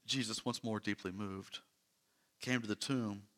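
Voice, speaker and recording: A man preaching a sermon, earnest, dropping to soft hushed lines and rising to loud emphatic repetition. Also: fairly low pitch, steady tone, unhurried. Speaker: pastor.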